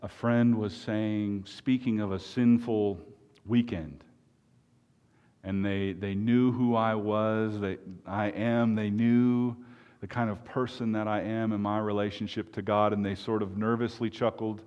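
Preacher, male, low voice, emphatic and earnest, reverberant hall sound. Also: fairly even intonation, a little mellow, clean tone, highs cut off. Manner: earnest, emphatic, with long pauses. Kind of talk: sermon.

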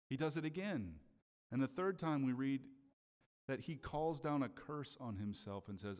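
A male preacher delivering a sermon in a relaxed, conversational way, regularly pausing to check in with his listeners. His voice sits at an ordinary male pitch. A long reverb trails each phrase, as in a large hall.

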